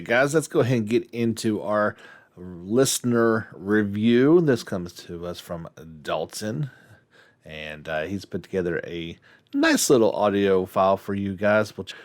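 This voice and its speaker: A man hosting a podcast, talking casually and relaxed, with hesitant fillers. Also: fairly low pitch, unhurried. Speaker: podcast host.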